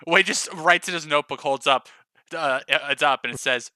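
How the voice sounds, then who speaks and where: A man's voice: on the high side, brisk, bright, forceful tone, smooth, dry recording. A man narrating a tabletop game as game master, in a loose, rambling way with lots of fillers.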